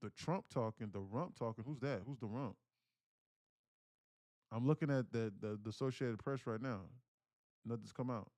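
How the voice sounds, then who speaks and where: A man's voice: mid-range voice, moderate pace, pauses often, darkish tone, dry recording, studio quality. A man talking casually to his livestream audience, telling a story animatedly in street slang. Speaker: day trading livestreamer.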